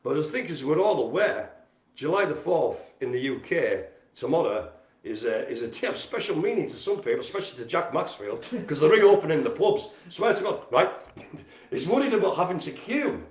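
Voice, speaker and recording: A man hosting a community centre's live stream, giving casual, jokey shout-outs and poking fun at himself. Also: on the high side, big pitch swings, normal speed. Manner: chatty, jokey and self-mocking. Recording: roomy echo.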